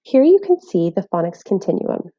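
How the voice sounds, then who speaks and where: A woman teaching phonics in a scripted voice-over, speaking clearly and carefully while sounding out letters. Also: mid-range voice, sing-song, moderate pace, dark tone, highs cut off. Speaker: literacy teacher.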